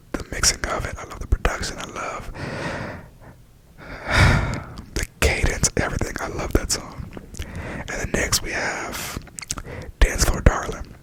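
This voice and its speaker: A man softly speaking and whispering in a chatty ASMR review, full of fillers, close to the mic. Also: rough recording. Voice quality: whispery, breathy.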